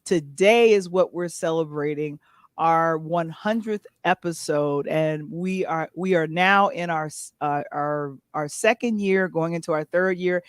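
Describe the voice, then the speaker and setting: A woman hosting a casual live stream, chatty and excitable, laughing often. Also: on the low side, dry recording, clean studio sound. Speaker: host.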